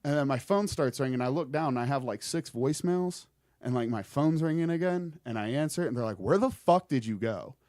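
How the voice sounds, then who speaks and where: On a podcast, a young male guest tells a creepy personal story in an animated, rambling way, swearing as he goes. His mid-range voice moves fairly quickly, and the studio-quality recording has no echo.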